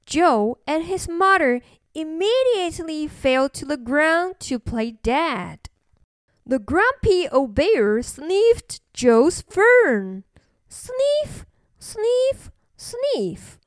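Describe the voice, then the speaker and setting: A woman narrating a bilingual children's story with slow, expressive, sing-song delivery, recorded close to the mic. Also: high-pitched, dry recording.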